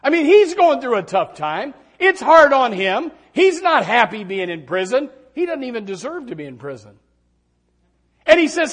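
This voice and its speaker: High-voiced animated male preacher. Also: measured pace. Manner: animated, pitch rising and falling with emphasis; conversational with frequent fillers and restarts. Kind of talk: sermon.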